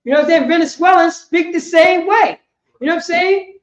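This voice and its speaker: Running an informal group class, a woman quizzes her listeners in a very high, brisk voice, frequently checking "you know what I'm saying?" The recording is muffled and dull, in an echoey room.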